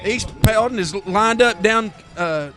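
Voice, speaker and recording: A man with a Southern American accent calling a high school football game play by play, easygoing and given to correcting himself. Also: unhurried, a bit bright, faint music behind. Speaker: play-by-play announcer.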